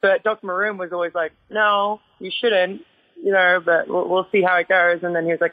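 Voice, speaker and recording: An English woman, a retired wrestler, telling stories in a casual interview, chatty, full of "like" fillers and quick laughs. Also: fairly low pitch, flat delivery, no echo. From England. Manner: chatty storyteller with constant "like" fillers and frequent laughs. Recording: tinny phone-like line, dry.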